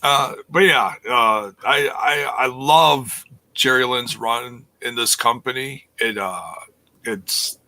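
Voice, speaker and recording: Bright-voiced man in a hesitant casual chat. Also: medium pitch, slow pace. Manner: hesitant, many fillers and restarts. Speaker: podcast co-host.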